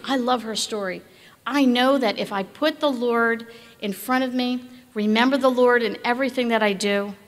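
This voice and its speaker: Emphatic woman preaching in a hall. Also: a little high. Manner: emphatic, rhetorical questions, drops to a hush. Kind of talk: sermon.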